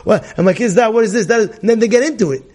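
A man teaching a Torah class in a lively sermon style, repeating phrases and acting out people's thoughts. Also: sits high, very fast, breathy edge. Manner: animated, repeats phrases, acts out inner voices. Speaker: rabbi.

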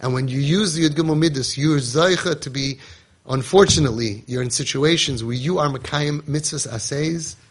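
A man's voice: a little high, moderate pace, slightly rough. A man giving an earnest religious lesson to parents, telling stories and using Hebrew terms as he coaches them.

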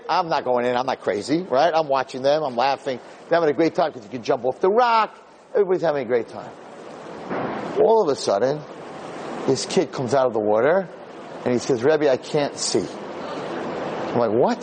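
A man's voice: fairly high pitch, darkish tone, a little hiss or hum, poor audio. A middle-aged man, a rabbi and teacher, telling a story in a Torah talk, acting out the dialogue and repeating phrases.

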